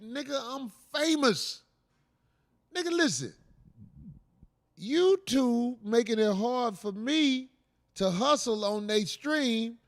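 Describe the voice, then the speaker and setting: Middle-aged male comedy host, high-pitched, brash trash-talker. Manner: brash, profane, boastful ribbing. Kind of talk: loose comedic podcast banter.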